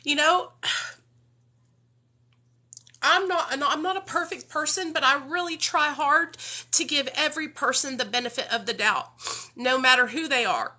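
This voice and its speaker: Blunt emotional high bright woman streamer. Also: moderate pace. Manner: blunt, swearing, talks straight to her viewers. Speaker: livestreamer in recovery. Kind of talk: emotional unscripted livestream talk.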